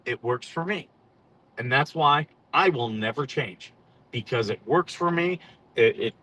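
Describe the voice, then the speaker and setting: A man with a bright, ringing voice tells stories from his days in the military as a casual stream host. He is blunt and profane, and quick to laugh. His pitch sits in an ordinary middle range. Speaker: podcast host and former Marine officer. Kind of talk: casual storytelling livestream.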